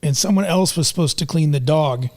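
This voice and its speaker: A man's voice: a little high, a little fast, darkish tone. A man guesting on a podcast, joining in with casual chat and dry, teasing humor. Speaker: guest husband.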